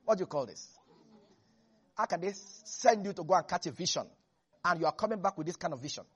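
A preacher delivering a lively sermon that swings between hushed asides and shouts. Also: medium pitch, fast talker, husky, dull audio.

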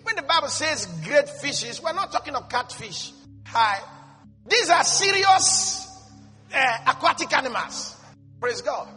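A man's voice: very high voice, animated, moderate pace, sharp tone. A man preaching a sermon, reading scripture and declaring blessings in an emphatic way. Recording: long hall reverb with faint music.

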